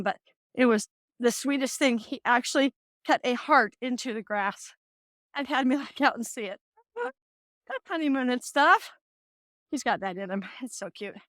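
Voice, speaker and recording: Chatty high-voiced woman host. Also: dry recording, studio quality. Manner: chatty, animated storytelling with quoted dialogue. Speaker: podcast host. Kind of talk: casual advice monologue.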